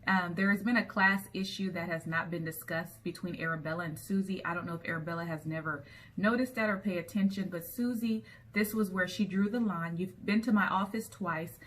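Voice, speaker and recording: A woman's voice: on the low side, fairly even intonation, brisk. A woman recapping a TV episode in a chatty storytelling way, with frequent ums as she goes. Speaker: TV episode reviewer.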